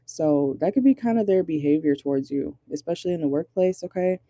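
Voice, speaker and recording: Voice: mid-range voice, expressive, a little fast, warm tone, no room sound. A chatty tarot reader giving a casual, blunt reading from inside a car, swearing freely and laughing often.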